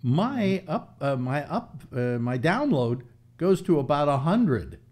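A man's voice: on the high side, very animated, slow pace, a little mellow. A man in his seventies hosting a casual talk show, rambling through philosophical musings with frequent restarts. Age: 70s. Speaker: host.

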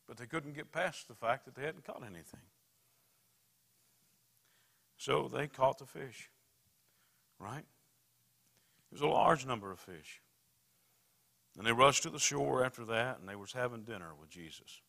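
A man preaching a sermon as a pastor, telling stories in a voice that swings from hushed to loud. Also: medium pitch, a little slow, creaky, pauses often. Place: church sanctuary. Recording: reverberant church hall.

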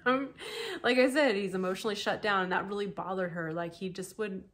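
A woman's voice: mid-range voice, a little fast. A woman hosting a podcast, telling a true-crime story in a casual, chatty way with lots of asides. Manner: chatty, animated, full of asides and laughter. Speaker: podcast host.

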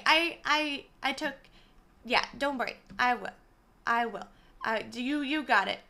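A young woman streaming live, chatting casually with her viewers in an excitable, bubbly way. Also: high voice, normal speed, gravelly. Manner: excitable, bubbly, reading chat aloud.

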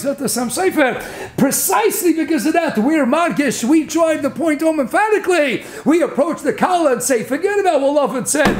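A man giving a lively Torah lecture as a rabbi. He laughs often and mixes Hebrew and Yiddish terms into his talk. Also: very high voice, moderate pace, a little hiss or hum.

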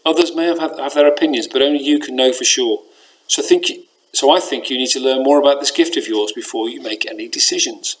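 A man voicing a frail, wise old woman who speaks for the stars, in a measured, solemn storybook reading. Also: mid-range voice, a little hiss or hum, close to an everyday voice, poor audio. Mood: gentle. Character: frail wise old female star seer.

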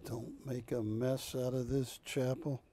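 A man hosting a live shopping channel show, pitching art in joking, drawn-out salesman patter from a studio. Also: level tone, dark tone.

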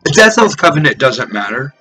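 A man mocking a smug hushing official. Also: medium pitch, very animated, a little fast, recorded from a distance, soft background music, low-quality recording. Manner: soft, patronizing, hushed. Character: smug, condescending male official shushing a protester.

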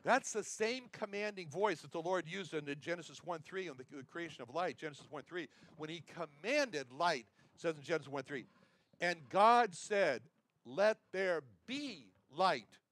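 A man's voice: on the high side, a little fast, hardly any pauses, fairly bright tone. A man teaching a sermon, emphatic and repeating his Bible references. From United States. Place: chapel.

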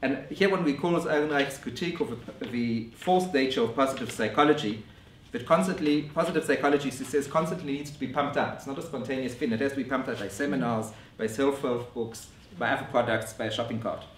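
A man giving a scholarly conference lecture in a measured way, often restarting his phrases. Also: mid-range voice, slight background noise. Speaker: academic lecturer. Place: lecture room. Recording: roomy echo from a distant mic.

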